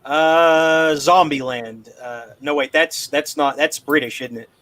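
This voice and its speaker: A man with a Southern American accent in casual podcast chat, hesitant and halting. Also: fairly high pitch, fairly even intonation, fairly bright tone.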